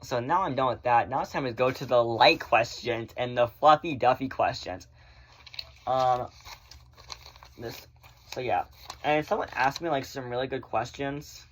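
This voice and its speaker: A man chatting casually in a vlog, rambling through viewer questions and swearing freely, often in fast bursts. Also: mid-range voice, fairly bright tone. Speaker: vlogger answering viewer questions. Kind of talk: casual chat.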